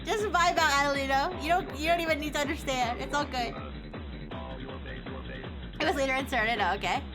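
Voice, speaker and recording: High-voiced woman chatting on a livestream. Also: fairly quick, over music. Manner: rambling, laughs often, lots of "like". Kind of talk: casual livestream chat.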